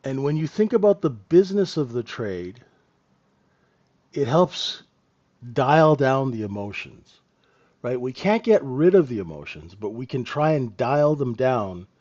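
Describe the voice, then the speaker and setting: A man's voice: medium pitch, big pitch swings, takes it slowly, long pauses, darkish tone, dull audio. A man hosting a live trading room, talking the market through in a casual, conversational way and often checking in with his listeners. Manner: conversational, repeated tag questions, chuckling asides.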